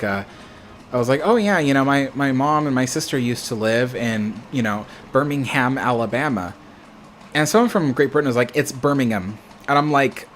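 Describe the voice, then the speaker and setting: American man, livestream host, rambling casual talk, middle pitch, faint hiss behind. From United States. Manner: rambling, self-correcting. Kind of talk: casual chat reading viewer comments.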